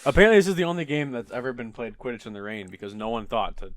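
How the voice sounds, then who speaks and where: Male co-host, mid-pitched, sarcastic and jokey, close dry mic. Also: expressive, racing, dry recording. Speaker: podcast co-host. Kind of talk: casual chat.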